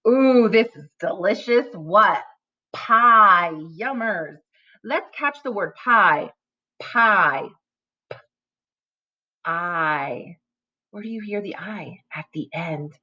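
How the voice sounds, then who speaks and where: Slow, bright-voiced woman teaching phonics. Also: fairly low pitch, lively intonation, lo-fi sound. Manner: slow, clearly articulated teacher talk to young pupils. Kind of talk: recorded phonics lesson for children.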